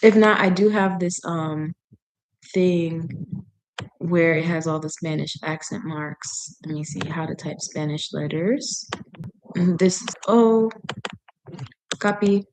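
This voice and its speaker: A woman's voice: lowish voice, slow, pauses often, a little mellow. Chatty woman reading aloud and laughing. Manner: chatty, laughs often, stops to puzzle over words. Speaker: language learner reading aloud. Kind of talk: casual reading practice with commentary.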